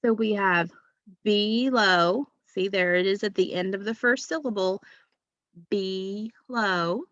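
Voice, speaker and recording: A woman's voice: medium pitch, no echo, highs cut off. A woman teacher giving a phonics lesson to young children, patient and drawing out each sound.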